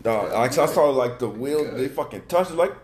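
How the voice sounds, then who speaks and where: A man telling stories in casual podcast chat, animated, slangy and profane. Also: medium pitch, a little fast. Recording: roomy with faint noise.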